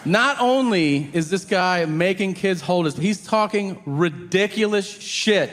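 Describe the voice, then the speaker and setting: A man doing a stand-up set, acting out people in loud, high voices. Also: a little slow, noisy background. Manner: animated, acts out characters in loud high voices. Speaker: stand-up comedian. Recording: long hall reverb, faint ambience.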